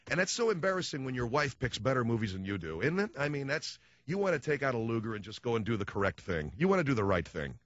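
A man's voice: medium pitch, very animated, quick pace, few pauses, sharp tone, no echo, lo-fi sound. A man hosting a radio talk show, ranting sarcastically in a comic monologue.

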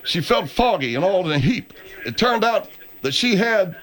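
A man playing a hyped radio host, high lively voice, sing-song, jokey. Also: moderate pace. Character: excitable middle-aged male radio host.

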